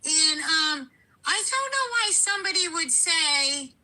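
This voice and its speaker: A woman's voice: very high voice, sing-song, slow pace, bright, forceful tone, low-quality recording. A woman from Fall River, Massachusetts, with a strong local accent, calling in to a live stream and talking in a rambling, emphatic way. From Massachusetts, USA. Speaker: caller. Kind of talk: casual call-in chat.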